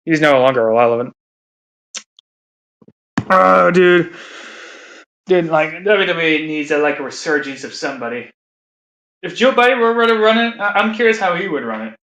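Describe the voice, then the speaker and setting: A man's voice: on the high side, expressive, moderate pace, long pauses, fairly bright tone. A man ranting casually, crude and rambling, with frequent laughter. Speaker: commentator. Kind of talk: casual rant.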